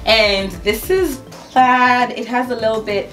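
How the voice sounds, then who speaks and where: A young woman chatting through a haul unboxing, gushing and exclaiming with excitement. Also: fairly high pitch, slow pace, faint music behind. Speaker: haul vlogger. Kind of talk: casual unboxing chat.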